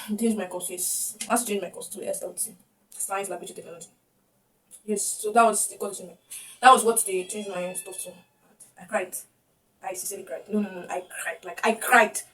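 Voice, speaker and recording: A woman's voice: mid-range voice, fairly even intonation, a little fast, pushed and bright. A young woman with a Nigerian accent telling a personal story to camera, emotional and often repeating her words. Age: young adult. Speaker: vlogger. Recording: distant mic with faint background noise.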